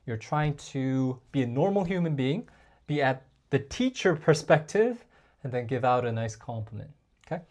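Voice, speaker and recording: Man, mid pitch, casual dating coach, chatty, lots of fillers, talks straight to viewers. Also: animated, moderate pace, darkish tone. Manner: chatty, addresses viewers as guys, frequent fillers. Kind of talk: casual advice talk to camera.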